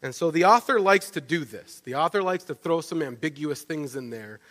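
A man preaching a sermon, telling the story in a lively way and often checking in with "right?". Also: a little high, normal speed. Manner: animated storytelling, with frequent restarts and "right?" asides. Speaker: pastor. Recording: long reverb of a large hall.

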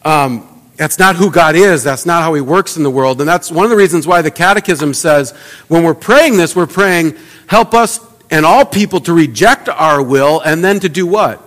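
A pastor delivers a sermon in a church sanctuary, relaxed and conversational, with rhetorical questions and small acted-out asides. His voice is slightly higher than typical for a man at normal speed, and the hall's long reverb trails each phrase.

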